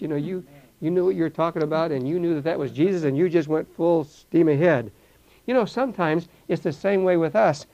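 Older man, Bible teacher, animated, acts out voices, mellow tone, dull lo-fi sound. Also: fairly high pitch, fairly quick, vocal fry.

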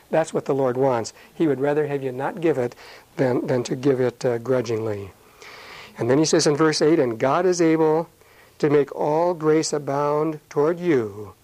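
A man teaching a Bible passage verse by verse, talking conversationally with many fillers and slowing down when he reads the scripture aloud. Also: medium pitch, a little mellow, rough recording.

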